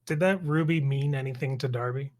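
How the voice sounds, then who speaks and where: A man playing at a tabletop game, talking casually and a bit hesitantly, with a self-deprecating edge. His pitch sits at the middle for a man. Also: brisk, darkish tone. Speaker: player.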